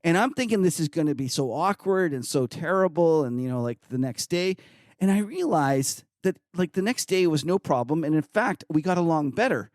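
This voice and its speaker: A man's voice: a little high, normal speed, dry recording, clean studio sound. A man hosting a podcast, chatting casually and telling stories with frequent laughter. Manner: storytelling, laughs often, animated when retelling. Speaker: podcast host.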